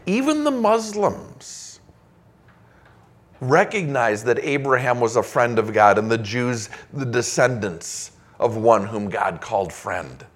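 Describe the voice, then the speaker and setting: A man's voice: medium pitch, expressive, slow. Man, pastor, sermon, emphatic, conversational, mid-range voice. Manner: emphatic, conversational scripture paraphrase.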